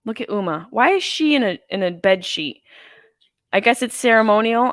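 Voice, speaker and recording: A woman's voice: on the high side, animated, moderate pace, dry recording. A woman in her thirties hosting a live movie watch-along from home, rambling and joking with crude humor while stoned. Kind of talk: casual live-stream chat. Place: house, at home.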